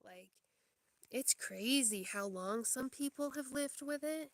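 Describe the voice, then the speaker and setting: Slow, gravelly, bright-voiced young woman. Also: sits high, no room sound. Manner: rambling, filler-heavy, with frequent laughs. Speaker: livestream host. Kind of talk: casual chat.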